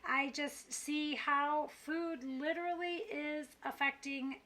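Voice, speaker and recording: A woman's voice: high-pitched, steady tone, slow, bright, forceful tone. A middle-aged woman talking candidly to camera in a confessional vlog, frustrated and self-critical as she rambles. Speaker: vlogger.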